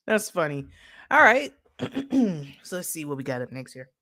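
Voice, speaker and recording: A woman's voice: lowish voice, fairly bright tone, no room sound, clean studio sound. A woman from Michigan hosting a late-night livestream, chatting casually, laughing often and talking straight to her viewers while reading out stories and chat messages. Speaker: livestream host.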